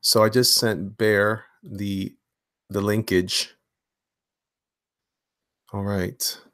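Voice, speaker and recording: A man hosting a casual live stream from his home studio while drawing, talking in slang and swinging between hyped greetings and low mumbles. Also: drawn-out words, dry recording. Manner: animated, slangy, hyped one moment and mumbling low the next. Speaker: livestream host and comic illustrator.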